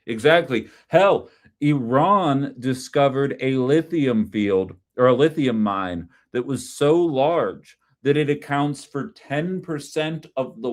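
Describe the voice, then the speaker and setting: A middle-aged man hosting a political call-in stream, talking in a blunt, sarcastic, profane way. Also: mid-range voice. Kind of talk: casual political commentary.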